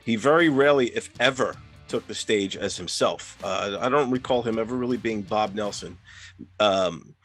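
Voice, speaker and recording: A man's voice: lowish voice, normal speed, soft background music. A man hosting a podcast, chatting casually about comedians and laughing easily. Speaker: podcast host. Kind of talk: casual chat.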